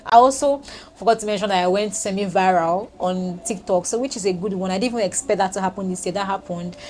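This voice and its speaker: A woman's voice: mid-range voice, darkish tone, slight background noise. Chatty young woman vlogging to her phone. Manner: chatty and reflective, with many fillers like "like". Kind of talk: casual year-end vlog talk to camera. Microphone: phone camera.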